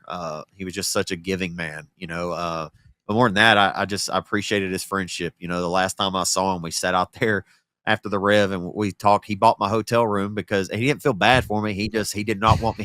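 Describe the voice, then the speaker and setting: A man's voice: sits low, bright, forceful tone, no echo. A man co-hosting a podcast in casual chat, emotional and close to tears, heartfelt and stumbling over his words. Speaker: podcast co-host and race announcer.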